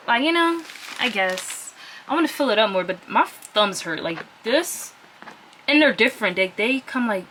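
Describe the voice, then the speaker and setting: Chatty, excitable woman vlogger unboxing on camera, noisy takes with crinkling packaging. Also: medium pitch. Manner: chatty, easily excited, talks to viewers as "y'all". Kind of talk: casual unboxing chat.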